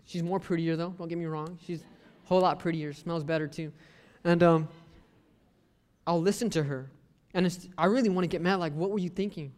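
A man's voice: a little high, fairly even intonation, normal speed, long pauses, darkish tone. A young man giving a casual sermon, mixing scripture with joking stories about his family. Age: young adult. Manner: conversational, joking asides, acts out family quotes. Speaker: lay preacher. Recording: long reverb of a hall.

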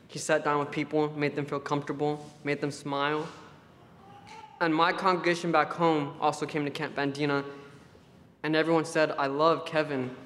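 A man's voice: a little high, fairly bright tone, a little hiss or hum. A man giving a conversational sermon at a church camp, telling affectionate stories before turning to scripture. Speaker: preacher. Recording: long hall reverb.

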